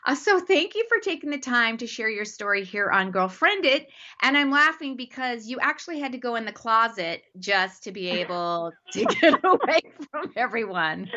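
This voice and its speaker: Bright, lively woman podcast host. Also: a little high, moderate pace, lo-fi sound. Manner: enthusiastic, emphatic, laughs often. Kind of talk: warm faith-based podcast interview.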